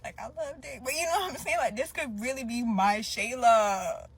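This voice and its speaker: Gushing, animated woman in a clip. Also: on the high side, a crowd in the background. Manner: animated, gushing, playful, drawn-out exclamations. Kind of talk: casual confessional video.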